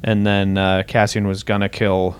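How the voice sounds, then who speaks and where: A man's voice: on the low side, level tone, normal speed, clean tone, dry recording. A man co-hosting a movie podcast, loosely summarizing the plot with "kind of" and "like". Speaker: podcast co-host. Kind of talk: casual movie discussion.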